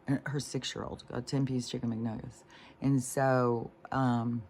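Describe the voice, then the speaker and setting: A casual vlog monologue from a speaker of middling pitch who wanders between thoughts, trailing off into fillers and restarts. The tone runs indignant and disgusted, with loose swearing and moments that drop almost to a whisper. A faint ambient hum sits under the voice. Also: little pitch movement, measured pace, creaky. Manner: meandering, with frequent fillers and restarts; drops to a soft near-whisper at times. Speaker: vlogger.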